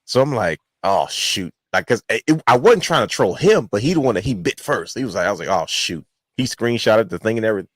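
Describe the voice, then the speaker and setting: A man co-hosting a wrestling podcast, telling a long-winded story with animated quotes. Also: lowish voice, a little fast, dry recording. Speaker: podcast co-host. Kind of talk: casual chat.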